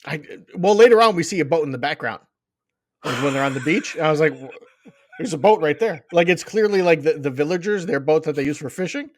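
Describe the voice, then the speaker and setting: A man's voice: on the high side, expressive, fast talker, no room sound, clean studio sound. A man co-hosting a casual comic book podcast, talking in incredulous, rambling asides. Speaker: podcast co-host.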